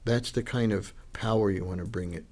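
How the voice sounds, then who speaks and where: A man leading a Dharma class in a fairly low voice. He teaches as a Buddhist lama in a loose, conversational way. He acts out the voices he quotes. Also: a little fast, a little mellow. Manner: informal and chatty, acting out quoted voices. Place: meditation class with students.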